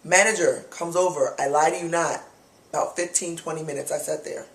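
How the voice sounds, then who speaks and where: A man's voice: on the high side, fairly quick. Exasperated vlogger man, echoey room. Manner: animated, exasperated storytelling, blunt and profane. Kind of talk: ranting complaint story to camera.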